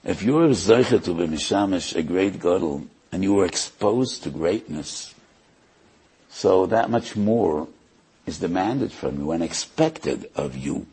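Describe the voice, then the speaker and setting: A man's voice: low-pitched, animated, unhurried, darkish tone, husky. An older man, a rabbi, preaching a sermon in English laced with Hebrew and Yiddish terms, impassioned, with raised emphatic refrains.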